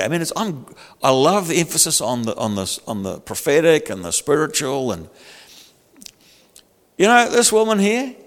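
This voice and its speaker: An older man preaching a sermon in a lively, humorous, conversational way. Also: a little high, long reverb tail. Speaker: pastor.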